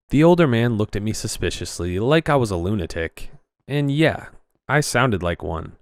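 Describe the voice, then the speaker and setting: A man's voice: deep voice, animated, moderate pace, clean tone, dry recording, studio quality. A man narrating a first-person horror story in a tense, suspenseful reading, voicing the dialogue himself.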